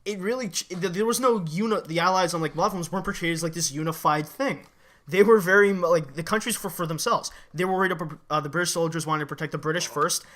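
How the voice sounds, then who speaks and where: A man co-hosting a casual movie review chat, excitable and blunt, swearing freely and talking in quick bursts. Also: a little high.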